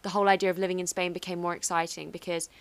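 A young woman in a casual chat, telling stories in an animated way with lots of fillers. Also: on the low side, racing, smooth, no room sound.

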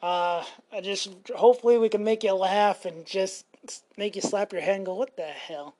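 A woman's voice: medium pitch, steady tone, moderate pace, mellow. Rambling, foul-mouthed woman podcaster. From Montana, USA. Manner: rambling, crude joking, swears freely. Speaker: podcast co-host. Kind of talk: casual podcast chat.

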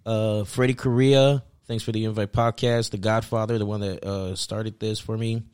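A man hosting a podcast, giving shout-outs in a laid-back way with lots of fillers and casual swearing. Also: on the low side, flat delivery, normal speed, clean tone. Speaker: podcast host. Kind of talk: casual chat.

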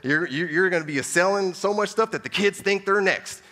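A man's voice: sits high, long reverb tail, pitched above the performer's own voice. A man doing a brash, bossy radio money man. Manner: loud, emphatic, rapid-fire commands.

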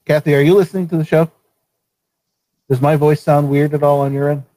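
A man from Vermont hosting a casual live show, easygoing and quick to laugh. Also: a little high, flat delivery, mellow, no echo. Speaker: show host.

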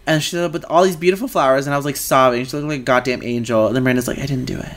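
A woman co-hosting a podcast in casual chat, blunt and profane, breaking into loud laughing shouts. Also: rumbling low, very fast. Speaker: podcast co-host.

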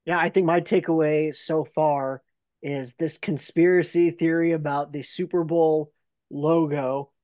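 A young man co-hosting a sports podcast, blunt and quick to swear. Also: a little high, dark tone, dry recording. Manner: blunt, swears, exasperated jabs. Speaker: podcast co-host. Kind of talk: casual sports chat.

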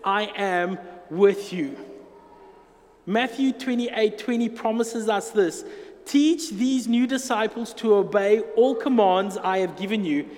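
A man's voice: sits high, slow pace, a little mellow. A man preaching a sermon as pastor, earnest and emphatic, drawing out key phrases. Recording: long hall reverb.

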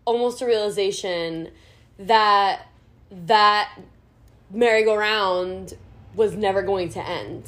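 A woman's voice: medium pitch, takes it slowly, a bit bright. A young woman co-hosting a casual chat, reflective and supportive, thinking aloud with many fillers. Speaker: podcast co-host.

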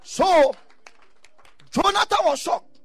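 A man preaching a sermon, telling stories and breaking into shouted bursts. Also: extremely high pitch, slow pace. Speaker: pastor.

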